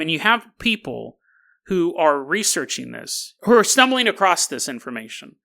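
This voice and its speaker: Animated, joking podcast host. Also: mid-range voice, gravelly. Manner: animated, joking, with quick restarts. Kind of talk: casual monologue on conspiracy lore.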